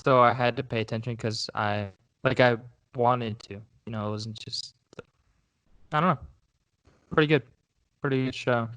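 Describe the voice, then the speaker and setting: A man's voice: medium pitch, a bit bright, no room sound. A young man co-hosting a podcast, chatting casually and rambling with restarts. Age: young adult. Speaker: co-host.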